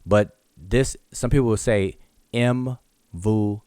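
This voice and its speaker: A man with a very low, deep voice teaches in a live online question-and-answer lesson. He explains step by step, often repeating and restarting words as he sounds out examples. The sound is dry and close to the mic. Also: unhurried, a little mellow, no room sound. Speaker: hieroglyphics teacher.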